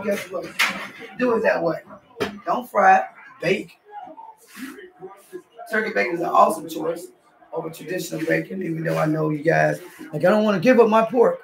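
A man's voice: on the high side, creaky, roomy sound, far from the mic, low-quality recording. A man chatting loosely to his viewers while cooking in his home kitchen. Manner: loose, chatty, talks straight to viewers with lots of "y'all". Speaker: cooking vlogger. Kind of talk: casual cooking vlog chat.

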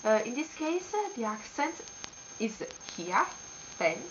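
Young woman, Italian accent, slow halting speech, dull lo-fi webcam sound, faint hiss. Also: a little high, sing-song. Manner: hesitant, many fillers, giggly. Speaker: Italian language teacher. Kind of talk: casual video lesson.

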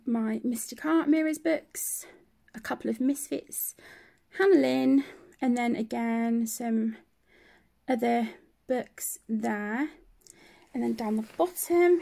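Slow, gravelly-voiced chatty woman. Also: fairly high pitch, a little mellow. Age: adult. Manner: chatty, rambling, self-deprecating. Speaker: colouring channel host. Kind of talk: casual room-tour chat. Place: home colouring area.

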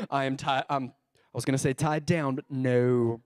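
A young man pastor preaching a sermon, animated and joking, acting out little voices, on a close mic. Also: medium pitch, moderate pace, dry recording.

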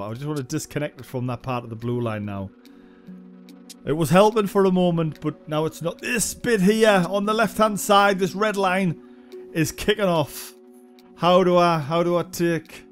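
A young man giving casual, sweary gameplay commentary, thinking aloud as he plays. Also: high voice. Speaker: game reviewer.

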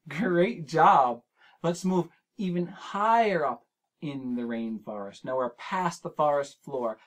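A man hosting a preschool lesson, talking straight to the young viewer and sounding out words syllable by syllable in a gentle, encouraging way. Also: fairly high pitch. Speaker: children's show host.

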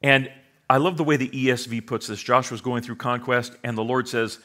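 A man's voice: mid-range voice, fairly even intonation, fairly quick, fairly bright tone. A middle-aged male pastor preaching a sermon with humor, sarcastic asides and acted-out quoted voices.

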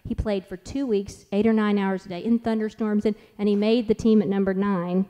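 A woman giving a conference talk at church, chatty and rambling as she tells stories about her kids. She piles on "like"s and restarts in a middle pitch, and her energy rises and falls with the stories. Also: steady tone, brisk, mellow, long reverb tail, highs cut off. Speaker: conference speaker and mother.

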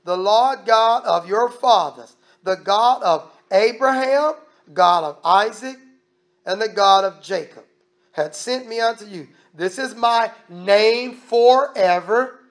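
High-pitched preacher. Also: male voice, slow. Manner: preaching with emphatic, shifting loudness; conversational, with repeated restarts. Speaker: minister. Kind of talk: sermon.

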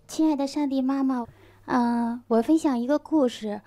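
A woman's voice: high-pitched, moderate pace, dark tone. A woman from the audience speaking hesitantly as she starts to tell a story. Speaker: audience member sharing a story.

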